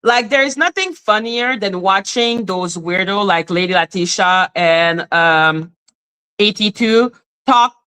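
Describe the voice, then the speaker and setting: A woman's voice: medium pitch, takes it slowly, pushed and bright, clear, resonant tone. A woman with a French accent, a native French speaker, ranting and mocking with profanity as a livestream host.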